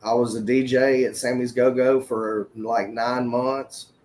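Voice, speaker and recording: A man's voice: mid-range voice, flat delivery, measured pace, darkish tone, a little hiss or hum. A man telling rambling stories in a casual chat, laughing as he goes. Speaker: regular on a morning chat show.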